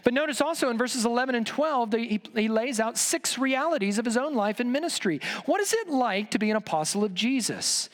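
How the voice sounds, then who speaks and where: A man preaching a sermon in a church, emphatic, dropping low and slow on key words. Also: animated. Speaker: pastor. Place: large church sanctuary. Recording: long reverb in a church hall.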